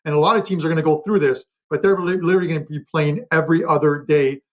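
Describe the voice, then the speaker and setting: A man on a betting panel, chatting quickly about his picks with lots of fillers and restarts. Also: a little high, steady tone, muffled recording. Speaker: sports betting handicapper. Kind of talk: casual panel talk.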